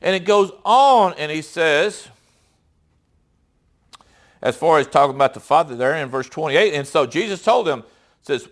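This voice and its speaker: High-voiced man preaching conversationally. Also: expressive. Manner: conversational, reads scripture aloud with pauses and self-corrections. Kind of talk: sermon.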